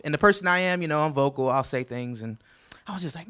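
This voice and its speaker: A man's voice: medium pitch, brisk, a bit bright, clean tone. A man, the best man at a wedding reception, telling stories about the groom in a chatty, joking toast.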